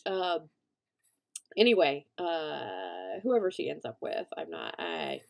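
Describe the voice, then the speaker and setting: A woman's voice: sits low, huge pitch swings, slow pace, vocal fry, darkish tone. A woman casually commenting on her own gameplay, rambling with lots of fillers and restarts. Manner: rambling, many fillers, bursts into panicked shrieks and laughter. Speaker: let's play gamer.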